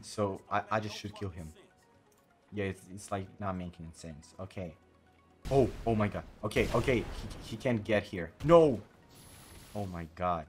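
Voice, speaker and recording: Excitable man narrating his gameplay. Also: lowish voice, unhurried, faint music behind. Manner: excitable, frequent exclamations and slang. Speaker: gaming YouTuber. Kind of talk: let's play commentary.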